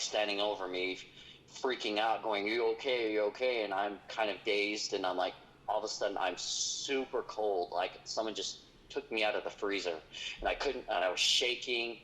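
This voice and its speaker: A man with a somewhat low voice recounts a frightening investigation in a relaxed, conversational way. He talks haltingly, stumbling and restarting often and filling gaps with "um" and "like". He sounds like a paranormal investigator telling his story to a host. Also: poor audio. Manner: halting, full of restarts and fillers.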